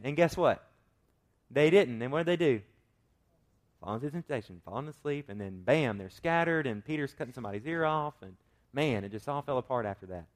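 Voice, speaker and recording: A man preaching a sermon, swinging from loud emphatic points to quiet asides and asking his listeners rhetorical questions. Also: fairly high pitch, big pitch swings, brisk. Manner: acts out quoted voices with rhetorical questions. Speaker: pastor.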